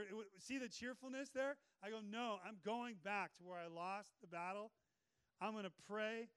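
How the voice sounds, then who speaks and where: Male preacher, storytelling sermon with loud exhortations, close dry mic. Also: high voice, smooth, dry recording.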